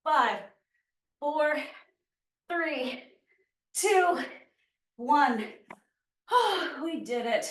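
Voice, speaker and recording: With a high, fairly bright voice, she stretches out her words and leaves long pauses, staying expressive while she cues moves and counts down reps for her workout class, short of breath. Sound is echoey, captured from a distant mic.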